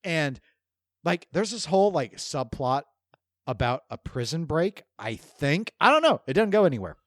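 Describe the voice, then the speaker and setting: A podcast co-host chats casually about video games, animated and rambling, chuckling as he talks. His voice sits on the high side at a moderate pace, recorded dry with clean studio sound.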